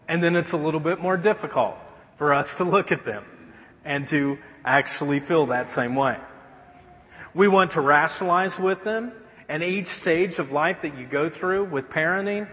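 A man in his thirties preaching a sermon in a church, earnest and storytelling, dropping to a hush on key phrases. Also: a little high, moderate pace. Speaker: pastor. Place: church auditorium. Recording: muffled sound with long hall reverb.

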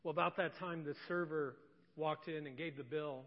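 A middle-aged male pastor preaches in a conversational, joking way and drops into soft, emotional storytelling. His voice sits slightly high for a man. The sound is dull and rings through a large church hall. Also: steady tone, normal speed. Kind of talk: sermon with personal story. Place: church sanctuary.

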